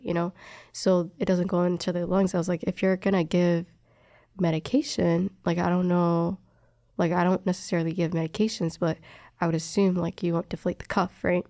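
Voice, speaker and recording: A young woman chats casually, recounting a work story in a slightly low voice. She acts out each quoted exchange, with plenty of fillers along the way. The recording is close and dry, with no room echo. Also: brisk. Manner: animated, acts out quoted dialogue, many fillers. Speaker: respiratory therapist telling a story.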